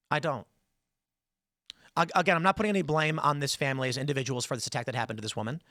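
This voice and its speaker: A man's voice: fairly high pitch, bright, forceful tone, no room sound, clean studio sound. A man hosting a podcast, telling a story and giving heated commentary, angry and swearing as he talks. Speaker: podcast host.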